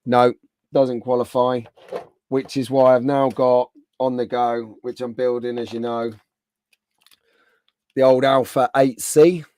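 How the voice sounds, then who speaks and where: A man's voice: medium pitch, level tone, slow, long pauses, darkish tone. Chatty man hosting a live stream. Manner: chatty, answers viewers' comments by name. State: rough throat, clearing it often. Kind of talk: casual live stream chat.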